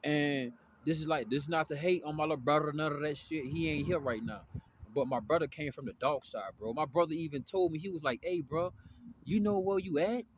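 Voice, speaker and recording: A man's voice: on the high side, a little fast, a little hiss or hum. Profane, slangy man ranting about faith. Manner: profane street slang, constant "you know what I'm saying". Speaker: spiritual vlogger. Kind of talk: casual spiritual rant to camera.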